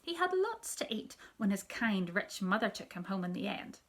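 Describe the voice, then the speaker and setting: A woman voicing a kind aunt in a children's storybook reading, with bright, emphatic delivery. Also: mid-range voice, very animated, normal speed. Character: kind, cheerful grown-up aunt.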